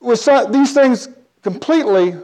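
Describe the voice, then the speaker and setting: A man telling a personal story in a talk, animated, with big swings between loud and quiet. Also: very high-pitched, moderate pace.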